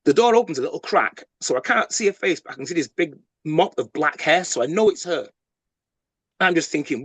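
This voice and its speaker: A man, a podcast guest, telling a story with animated delivery, quick repeats and acted-out quotes. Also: on the high side, husky, no echo. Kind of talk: storytelling interview.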